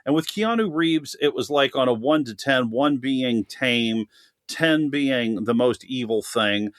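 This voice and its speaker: A man's voice: mid-range voice, unhurried, dry recording, studio quality. A man chatting animatedly as a guest on a film podcast, laughing often and talking at length. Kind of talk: casual podcast chat.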